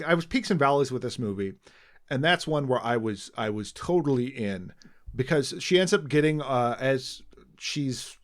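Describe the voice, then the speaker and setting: A man's voice: mid-range voice, a bit bright. A man co-hosting a podcast in casual chat, rambling with restarts and fillers. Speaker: podcast co-host.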